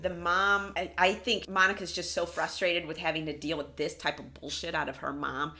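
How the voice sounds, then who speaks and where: A woman co-hosting a casual recap podcast, retelling scenes with animated quotes and frequent laughs. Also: fairly low pitch, normal speed. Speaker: podcast co-host recapping a reality show.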